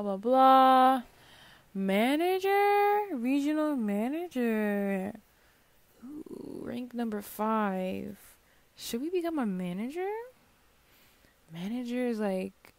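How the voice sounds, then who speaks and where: A woman's voice: medium pitch, no echo. A young woman giving casual, slangy commentary while she plays a life-sim game, talking to her viewers. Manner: chatty, slangy, talks to her viewers while playing, bursts of excitement. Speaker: gaming channel host. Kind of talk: casual Let's Play commentary.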